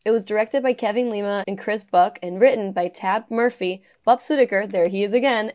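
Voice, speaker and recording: A woman's voice: mid-range voice, brisk, darkish tone. Young woman podcast co-host, laughing often. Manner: laughs often, swears casually. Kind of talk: casual chat reading film credits.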